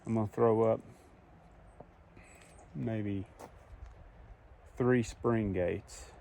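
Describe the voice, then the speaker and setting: A man's voice: on the low side, fairly even intonation, very slow, creaky, warm tone, slight background noise. A young man filming himself on his farm, talking through his fencing work in a plainspoken, casual way. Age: young adult. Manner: plainspoken, thinks aloud while working. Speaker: farmer filming a farm vlog. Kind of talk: casual talk to camera. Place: outdoors on a farm field. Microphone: phone propped up nearby.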